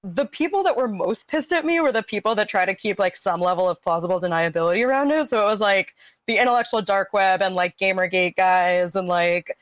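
A woman's voice: mid-range voice, a little fast, dry recording. A young adult woman, a researcher on a podcast, chatting casually with frequent fillers and dry sarcasm. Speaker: guest, PhD researcher.

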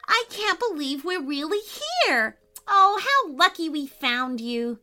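A woman voicing an excited, curious young girl in a children's story. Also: extremely high pitch, slow pace, pitched above the performer's own voice, heavily acted.

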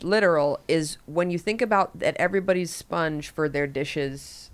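A woman with a New York accent co-hosts a comedy podcast in loose, casual chat. Her voice sits slightly low. She acts out quotes with animated shifts of voice. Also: normal speed. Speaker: podcast co-host.

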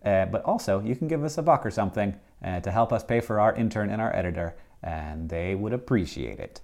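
A man co-hosting a casual podcast, talking in a playful, rambling way. His pitch moves up and down a lot, and he trips over his words with loose fillers and restarts. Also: expressive, brisk, creaky, few pauses, darkish tone, soft background music. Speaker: podcast co-host. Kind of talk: casual chat and host-read ads.

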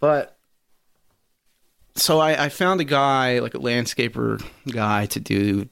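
A man's voice: medium pitch, slow, gravelly, a bit bright, smooth, no echo, studio quality. A man co-hosting a podcast, telling a rambling, profane story and laughing often. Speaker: podcast co-host. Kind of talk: casual podcast chat.

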